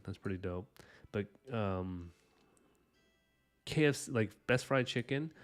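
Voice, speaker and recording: A man casually chatting with his live-stream viewers, rambling enthusiastically with lots of "like" and "you know". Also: on the low side. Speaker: livestream art host chatting with viewers.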